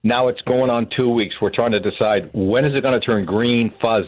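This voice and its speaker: A radio caller from New Hampshire with a mid-pitched, ordinary male voice. He tells his story in a chatty, rambling way with the odd chuckle. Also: moderate pace, poor audio. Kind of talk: phone-in caller telling a story.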